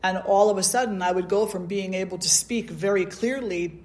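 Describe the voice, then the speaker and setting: A woman's voice: mid-range voice, fairly even intonation, moderate pace, darkish tone. Storytelling woman spiritual teacher. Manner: storytelling, acts out quoted dialogue. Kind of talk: storytelling talk at a satsang.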